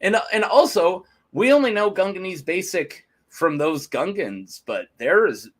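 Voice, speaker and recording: A man's voice: high voice, animated, a little slow, a bit bright. A man co-hosting a fan podcast, chatting casually and rambling through his opinions. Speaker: podcast co-host.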